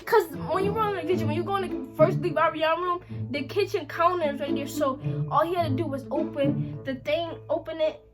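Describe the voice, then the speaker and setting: A woman's voice: very high voice, a little fast. A young woman vlogger telling a storytime in a casual, slangy way, acting out the lines of the people in her story. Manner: animated, slangy storytelling with quoted dialogue. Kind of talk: storytime vlog. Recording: music playing under the voice.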